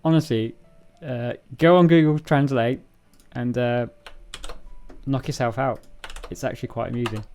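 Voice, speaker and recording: A man's voice: medium pitch, fairly even intonation, normal speed, darkish tone. Male streamer, casual live-coding chat, self-mocking, trips over words, faint music and typing behind. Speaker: livestreamer reading a programming book.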